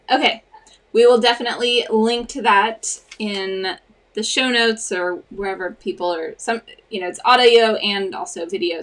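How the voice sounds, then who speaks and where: A woman hosting an interview podcast, affirming her guest and wrapping up the conversation smoothly. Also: medium pitch. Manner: warm, affirming, wraps up smoothly. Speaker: podcast host. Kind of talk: casual interview.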